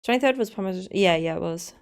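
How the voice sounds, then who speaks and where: A woman's voice: on the low side, expressive, quick pace. A woman streamer chatting casually to her viewers while she edits a video, narrating each step with playful asides. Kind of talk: casual live-stream chat while editing.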